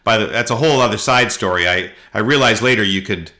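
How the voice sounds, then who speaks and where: A middle-aged man from Canada, co-hosting a podcast and telling animated anecdotes in casual chat. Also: fairly low pitch, fast talker. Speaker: podcast co-host.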